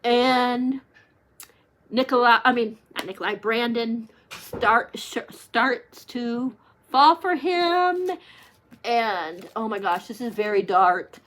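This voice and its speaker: Tearful high-voiced woman gushing about books. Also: slow, a bit bright. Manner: gushing, emotional, many "like" fillers. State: tearful, near crying. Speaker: book reviewer. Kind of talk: casual book chat to camera.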